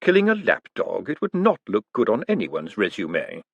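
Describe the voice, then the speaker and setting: A man voicing a cold, dry, menacing aristocratic male tyrant, speaking slowly and precisely. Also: lowish voice, huge pitch swings, vocal fry, breathy edge, no echo, highs cut off, full character voice. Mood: cool menace. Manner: slow, measured, precise and icy.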